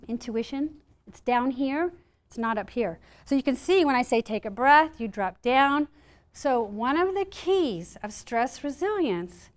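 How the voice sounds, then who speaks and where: A middle-aged woman speaks to a live audience about stress, her voice set a little high. She talks with animated energy and slips into acted-out panicked and calm inner voices to make her points. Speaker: speaker at a wellness talk.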